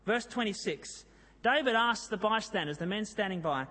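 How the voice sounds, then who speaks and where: A man with a high voice preaches in a church hall, where his words trail off in a long reverb. He tells the story in a lively way and reads scripture with drama. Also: moderate pace. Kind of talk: sermon.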